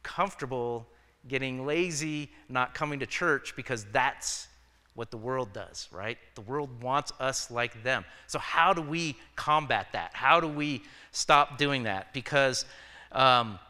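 A pastor giving a casual, conversational sermon, telling personal stories with frequent fillers and self-corrections. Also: male voice, medium pitch, measured pace, sharp tone, smooth. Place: church. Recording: church hall reverb.

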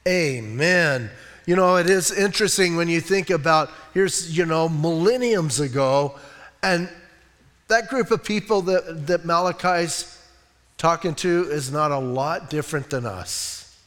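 Folksy middle-aged pastor in a reverberant hall. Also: male voice, a little high, a little slow, a bit bright. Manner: casual and folksy, many fillers and restarts, acts out voices of the people. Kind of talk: conversational sermon. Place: church sanctuary.

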